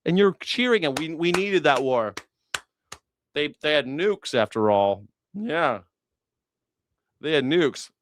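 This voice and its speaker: A man's voice: a little high, animated, takes it slowly, pauses often, a little hiss or hum. A man streaming political commentary in a heated, profane rant, sarcastic and mocking his opponents. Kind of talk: ranting live stream commentary.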